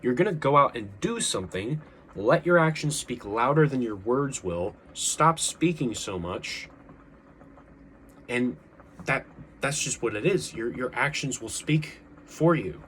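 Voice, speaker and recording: A man's voice: medium pitch, expressive, measured pace, fairly bright tone, slight background noise. A young man talking earnestly to camera in a casual monologue, rambling with frequent restarts and fillers. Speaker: vlogger.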